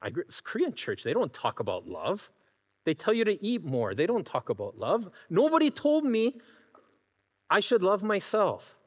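A man's voice: a little high, wildly swooping pitch, normal speed, slightly rough. A middle-aged man preaching a sermon, telling personal stories and breaking into laughter as he imitates a friend's laugh. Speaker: pastor. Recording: long hall reverb.

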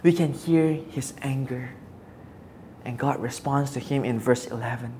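Brief: an earnest preacher at mid pitch, reflective, with a faint hum behind the voice. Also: a little slow, dark tone. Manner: earnest, reflective, asks rhetorical questions. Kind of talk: Bible teaching.

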